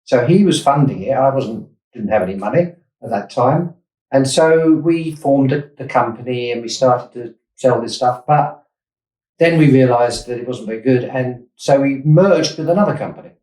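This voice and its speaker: A man's voice: medium pitch, normal speed, a little mellow. Man, 60s, from Essex, England, interview guest, rambling anecdotes, self-corrections, mic at a distance, echoey room. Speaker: investor and startup founder, guest.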